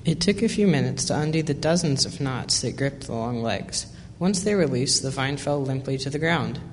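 Guy reading a kids' story out loud, echoey hall, faint noise in the back. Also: medium pitch, normal speed. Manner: steady reading with brief asides. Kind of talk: reading a children's story aloud.

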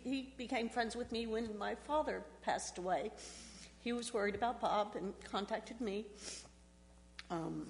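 A middle-aged woman speaks at a memorial in a church, her voice a bit high and pulled tight by emotion as she fights back tears. She talks haltingly, with ums and restarts. The sound carries a long echo from a big hall. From Texas. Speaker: family member giving a eulogy. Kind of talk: memorial speech.

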